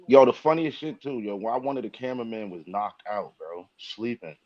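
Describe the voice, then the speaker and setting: A man's voice: lowish voice, expressive, normal speed, darkish tone. A man co-hosting a casual wrestling chat with blunt, slangy banter. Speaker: podcast co-host. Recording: slightly dull sound.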